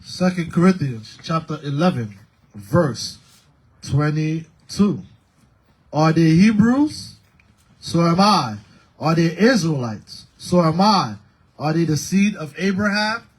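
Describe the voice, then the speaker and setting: Male scripture reader, slow and measured, husky and fairly high. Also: expressive, poor audio. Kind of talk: reading scripture aloud.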